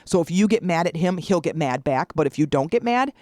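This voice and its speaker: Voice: medium pitch, expressive, a little fast, darkish tone, no echo, studio quality. A podcast host in their forties talking casually on their own, acting out the voices in their stories. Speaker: podcast host and public speaker. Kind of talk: casual solo podcast monologue.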